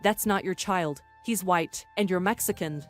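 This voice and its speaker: A woman's voice: lowish voice, moderate pace, faint music behind, close to an everyday voice. A woman voicing a self-righteous older woman who keeps making accusations in a narrated story. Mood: accusing. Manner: accusing, bossy.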